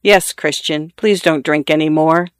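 A man voicing a gentle, patient young wife who talks in a soft, coaxing, pleading way. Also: on the high side, steady tone, unhurried, clear, resonant tone, no echo, studio quality, natural voice.

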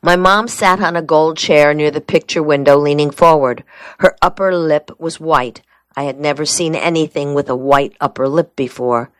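Low-voiced woman reading a wry memoir. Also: moderate pace, no echo. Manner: wry, dry storytelling. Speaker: audiobook narrator. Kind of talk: first-person memoir narration.

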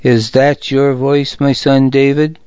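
A man's voice: medium pitch, flat delivery, takes it slowly, darkish tone, clean tone, dry recording, close to an everyday voice. A man voicing an aging king who cries out in a pleading way. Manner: crying out, pleading. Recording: dull, dry recording.

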